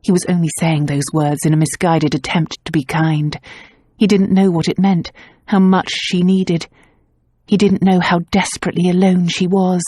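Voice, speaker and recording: Woman reading a novel, lowish voice, super dry close sound, steady. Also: no room sound. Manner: measured, even storytelling. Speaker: audiobook narrator. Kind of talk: scripted narration.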